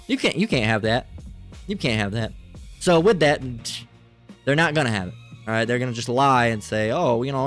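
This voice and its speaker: A man with a slightly high voice teaches scripture in a loose, rambling way. He swears often and mocks people between his points, with faint music playing underneath. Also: a bit bright. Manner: rambling, profane and mocking, with frequent filler. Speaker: Bible teacher.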